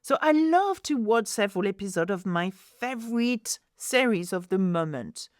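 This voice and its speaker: A woman teaching pronunciation, modelling words slowly and explaining them in English. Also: mid-range voice, expressive, dry recording, studio quality. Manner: slow, clear modelling of French words, then explaining in English. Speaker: French teacher. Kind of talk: pronunciation lesson.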